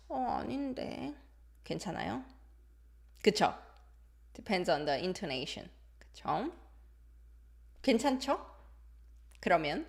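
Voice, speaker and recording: A woman teaching a live-streamed lesson, her pitch bouncing up and down as she explains. She talks in a playful, expressive way and exaggerates her examples to make each point land. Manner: demonstrates intonation with exaggerated examples. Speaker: language teacher.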